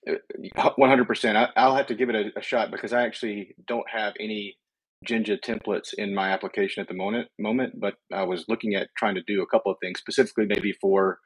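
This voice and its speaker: A man's voice: fairly low pitch, steady tone, quick pace, breathy edge, rough recording. A man with a Southern US accent, hosting a casual online tech call and asking easygoing questions. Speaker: host.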